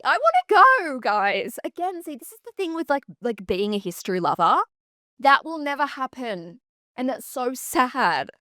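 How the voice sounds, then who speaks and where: A woman hosting a podcast, chatting in an animated way and swearing freely. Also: mid-range voice, no echo, studio quality. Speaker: podcast host. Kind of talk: casual chat.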